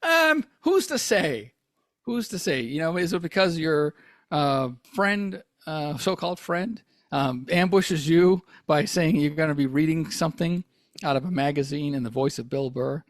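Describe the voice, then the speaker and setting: A man with a high voice who rambles through a comedy podcast, mocking himself and stalling on fillers. The sound is dry and close, with no room around it. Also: a little slow, dry recording. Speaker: podcast co-host. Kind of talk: casual comedic chat.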